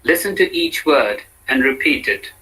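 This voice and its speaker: A man reading a pronunciation lesson, modeling each word slowly and carefully. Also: medium pitch, expressive, sharp tone, rough recording. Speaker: language course narrator. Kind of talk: scripted instructional narration.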